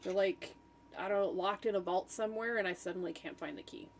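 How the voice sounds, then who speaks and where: A woman's voice: mid-range voice, brisk, a little hiss or hum. A woman chatting casually while she makes art, thinking aloud with trailing fillers and self-talk. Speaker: art streamer. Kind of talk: rambling casual chat while designing.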